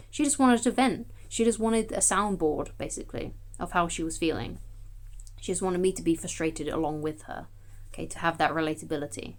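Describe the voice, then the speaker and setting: A woman's voice: lowish voice, brisk. Lady coach talking to camera, chatty and emphatic, keeps saying okay. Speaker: dating coach. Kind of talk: direct-to-camera advice talk.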